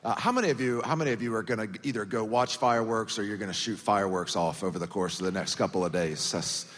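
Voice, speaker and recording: A man's voice: lowish voice, fast talker, a bit bright. A man in his thirties from Georgia with a Southern US accent, preaching as a guest pastor in a folksy, joking, conversational way. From Georgia, USA. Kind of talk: sermon. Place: large church auditorium. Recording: church hall reverb.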